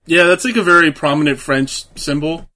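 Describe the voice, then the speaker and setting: A man's voice: on the high side, moderate pace, bright, forceful tone. A man chatting casually while watching old wrestling, dry and matter-of-fact. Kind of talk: casual chat.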